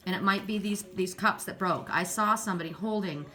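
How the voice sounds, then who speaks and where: A brisk oracle card reader, a woman, gives a casual spiritual card reading. She often repeats words, clears her throat, and her pitch rises when she gets excited.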